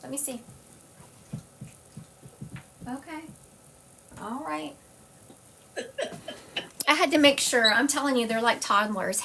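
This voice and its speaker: A woman's voice: medium pitch, a bit bright, slight background noise. A woman psychic medium giving a live-stream reading at home, chatty and digressive, drifting into side stories.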